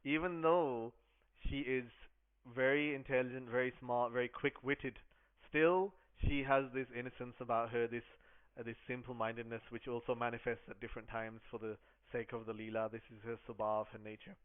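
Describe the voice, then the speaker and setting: A man explaining devotional verses and telling their story with eager repetition, stopping to recite the verses slowly in a chanting way. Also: medium pitch, steady tone, clear, resonant tone. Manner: eager, retelling the story with repeated words and slow recited verse. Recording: narrow phone-like sound.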